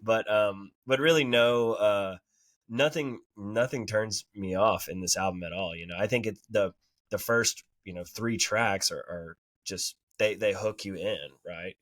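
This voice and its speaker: A man with a lowish voice chats about music in an easygoing way, laughing between his points. The sound is close and dry. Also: measured pace, no echo. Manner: relaxed, laughs often, says "you know" and "right". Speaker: podcast co-host. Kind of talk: casual music review chat.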